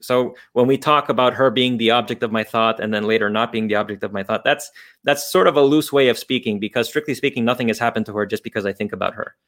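A man's voice: medium pitch, steady tone, fast talker, a bit bright. A man explaining philosophical ideas off the cuff as a guest, thinking aloud with frequent restarts and fillers.

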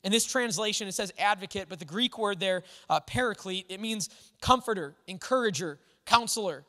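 A man's voice: high voice, fairly quick, pushed and bright. A man preaching a sermon in an earnest, conversational way, with frequent restarts. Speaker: pastor. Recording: long hall reverb.

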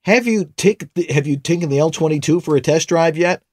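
A man's voice: fairly high pitch, brisk, dry recording. A man co-hosting a casual tech show, reading listener questions with wry, jokey asides.

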